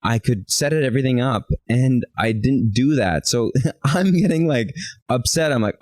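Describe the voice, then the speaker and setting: A man's voice: mid-range voice, lively intonation, normal speed, a little mellow, no echo, poor audio. A man co-hosting a relationship talk show, telling stories animatedly and acting out bits of quoted dialogue. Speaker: podcast co-host. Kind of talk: casual chat.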